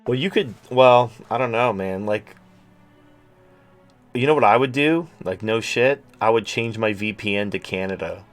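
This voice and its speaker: A man's voice: on the low side, moderate pace, faint music behind. A man hosting a livestream, talking in a crude, rambling, sarcastic way. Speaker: host. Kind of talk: casual livestream talk.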